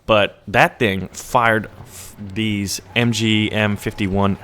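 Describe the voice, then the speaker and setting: A young man talking over gameplay as a channel host, chatty and excitable, rambling and often checking in with "right?". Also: lowish voice, a little slow.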